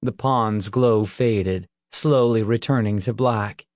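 A man narrating an audiobook in a slow, measured storytelling voice. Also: on the low side, dry recording, studio quality.

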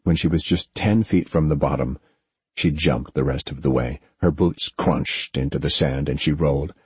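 Delivering scripted narration at a normal speed, this audiobook narrator has a deep, husky male voice. No room sound is present.

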